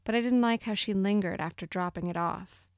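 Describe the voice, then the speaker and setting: A woman reading a literary short story aloud in a measured, brooding way. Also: mid-range voice, clear, resonant tone, no room sound, studio quality. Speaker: narrator. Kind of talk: scripted literary narration.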